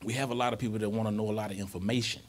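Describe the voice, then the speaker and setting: Informal preacher checking in with congregation. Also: male voice, on the low side, fairly even intonation, very fast. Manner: rises to emphatic, louder delivery when reading scripture. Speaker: pastor. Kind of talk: conversational sermon. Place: church.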